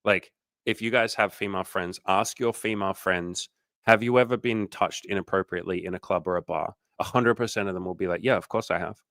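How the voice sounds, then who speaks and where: A man's voice: low voice, fairly quick, creaky, a bit bright, no room sound. A man talking as a dating coach in a casual livestream chat. He swears freely, speaks candidly, and acts out the people he quotes in exaggerated voices.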